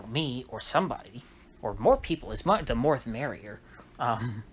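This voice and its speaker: Halting, indignant man, dull recording. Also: fairly low pitch, fairly bright tone. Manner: halting, restarts often, indignant. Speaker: channel host. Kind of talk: solo political commentary monologue. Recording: slightly dull recording with faint noise.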